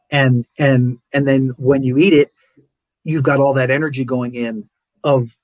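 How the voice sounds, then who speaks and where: Slightly mellow and medium-pitched, a podcast host talks casually and animatedly about spiritual topics, dramatizing his inner voice and repeating words for emphasis. There's no echo, but the audio is poor.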